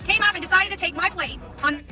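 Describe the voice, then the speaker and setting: A very high-voiced woman rants quickly and combatively from her car, repeating her taunts. She sits a little back from the phone, and clear music plays behind her. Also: far from the mic. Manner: heated, confrontational, repeats taunts. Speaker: live streamer. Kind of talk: angry live-stream rant and confrontation. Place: in a car in traffic.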